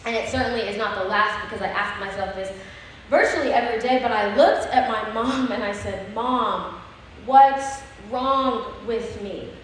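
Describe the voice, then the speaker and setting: A woman's voice: medium pitch, fairly even intonation, a little fast. Earnest woman telling a story in an echoey room. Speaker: speaker. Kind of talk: personal story in a talk. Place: room with an audience. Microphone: handheld mic. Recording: echoey room, faint background noise.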